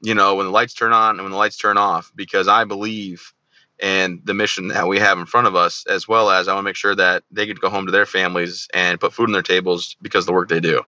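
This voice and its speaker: A man in his thirties talks fast in a lowish, forceful voice, cracking jokes and acting out quoted dialogue as he tells army stories. His voice sounds dull and lo-fi, in a dry room with no echo. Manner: joking, animated storyteller who acts out quoted dialogue. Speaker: podcast guest, army veteran. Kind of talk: casual interview storytelling.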